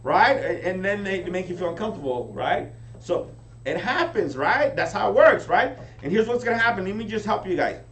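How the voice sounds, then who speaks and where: A man giving a high-energy motivational training talk to a live audience, often checking in with them. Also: brisk. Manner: energetic, keeps asking the crowd "right?". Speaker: business team leader training recruits. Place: meeting room with an audience. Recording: echoey room, distant mic, faint hum.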